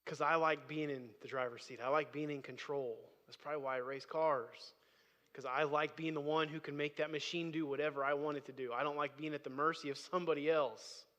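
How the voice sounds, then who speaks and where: A man's voice: a little high, fairly even intonation, fairly quick, a bit bright. Man, pastor, sermon, conversational with emphatic peaks, long reverb from a large church hall. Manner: conversational preaching, rising to emphatic bursts. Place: church sanctuary.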